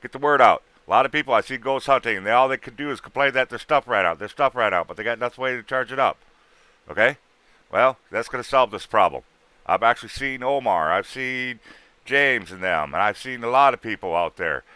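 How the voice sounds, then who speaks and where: A man hosting a livestream, bluntly pitching ghost hunting gear in rough, casual sales patter. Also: a little fast, sharp tone, no echo. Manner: rough-spoken, blunt, salesman patter with sound-effect noises.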